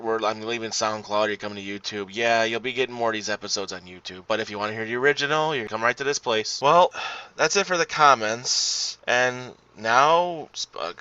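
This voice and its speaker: A man's voice: fairly low pitch, sharp tone, no room sound. A man from Indiana hosting a podcast, ranting at trolls with lots of swearing in a casual monologue. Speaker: podcast host. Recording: dull lo-fi dry recording.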